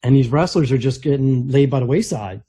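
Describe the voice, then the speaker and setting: A man co-hosting a casual podcast chat, telling stories in a rambling, animated way with many restarts. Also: mid-range voice, a little fast, husky. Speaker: podcast co-host.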